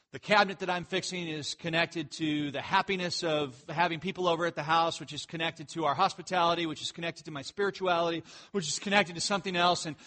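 A man preaching a sermon, telling jokey stories and breaking into animated outbursts. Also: high-pitched. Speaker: pastor.

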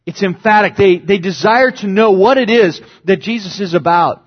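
A man's voice: high-pitched, normal speed. A man preaching a sermon as pastor, teaching earnestly and stressing key words. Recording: dull lo-fi sermon recording.

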